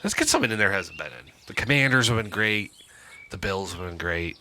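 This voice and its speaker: A man co-hosting a podcast in easy, joking chat. His voice is bright and crisp, with a lively, swinging pitch, and faint insect chirps sit behind him. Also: brisk, a little hiss or hum. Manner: joking, riffs with deadpan one-liners. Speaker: podcast co-host. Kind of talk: casual chat.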